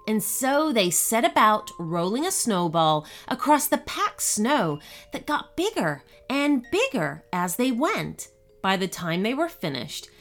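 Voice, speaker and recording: Expressive woman reading a children's story. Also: mid-range voice. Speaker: podcast host and storyteller.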